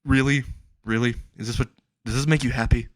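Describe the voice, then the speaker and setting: A frantic young hero, cornered and terrified, yelps and swears as he begs for a way out, voiced by a man telling the story. The voice is dry and close, with a middling pitch that jumps up when he panics. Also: steady tone, fairly quick, no echo, close to an everyday voice. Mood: panicked.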